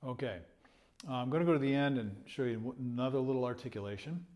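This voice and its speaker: A man's voice: medium pitch, fast talker, darkish tone. A man teaching trumpet, patiently explaining rhythm and phrasing, now and then chuckling and singing rhythms aloud. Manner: chuckles between points. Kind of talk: music lesson explanation.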